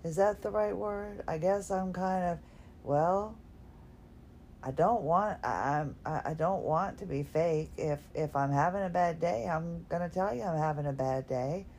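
Slow, low-voiced woman podcasting from bed. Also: darkish tone, slight background noise. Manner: rambling, self-deprecating, yawning. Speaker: podcast host. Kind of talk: casual solo podcast talk. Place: lying in bed at home.

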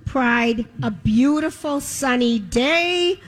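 High-voiced chatty woman radio host. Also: lively intonation. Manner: chatty and playful, quick asides. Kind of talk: live radio broadcast chat.

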